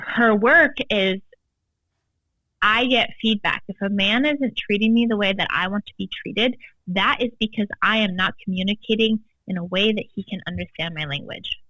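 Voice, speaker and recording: A woman's voice: mid-range voice, bright, forceful tone, no room sound, poor audio. A woman guest coach talking emphatically in casual podcast chat, with lots of "like" fillers. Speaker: guest, tantra and embodiment coach.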